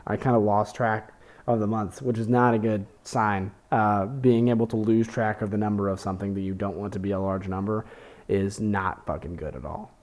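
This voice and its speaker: A man's voice: on the low side, fairly even intonation, moderate pace, a little mellow. A young man hosting a podcast, talking in a rambling, profane, self-deprecating way with many fillers and restarts. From Texas. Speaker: podcast host. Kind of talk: casual monologue.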